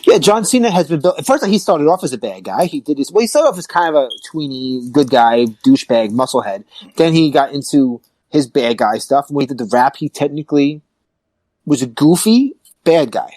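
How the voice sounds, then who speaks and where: A man hosting a podcast in casual chat, talking in an animated, emphatic way that rises to excited peaks. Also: on the high side, moderate pace, no echo, poor audio. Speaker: podcast host.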